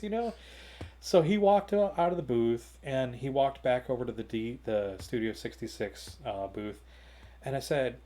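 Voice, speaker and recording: A man's voice: mid-range voice, warm tone. A man telling a long, rambling anecdote on a gaming talk show, full of fillers and restarts, recorded at home in his hobby room.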